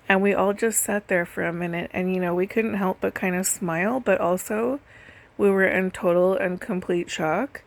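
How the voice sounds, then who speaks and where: A woman's voice: medium pitch, steady tone, normal speed, gravelly. A woman doing a casual storytelling voice-over, chatty and full of "like" and "literally". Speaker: nail and lash technician telling stories. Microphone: voice-over recorded separately.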